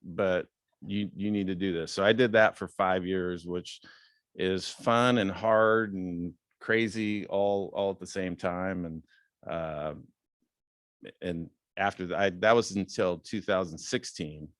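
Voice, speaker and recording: A man in his fifties giving a casual talk as a guest speaker, relaxed and rambling with many fillers, lifting his voice when quoting others. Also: sits low, takes it slowly, dry recording, studio quality. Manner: acts out quoted dialogue in a raised voice. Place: club meeting room.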